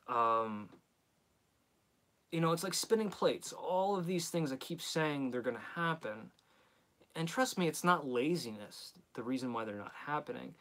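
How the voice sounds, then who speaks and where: A man's voice: medium pitch, a bit bright. Chatty man with a head cold. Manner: rambling, self-mocking, chatty. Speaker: host. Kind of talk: live-stream chat.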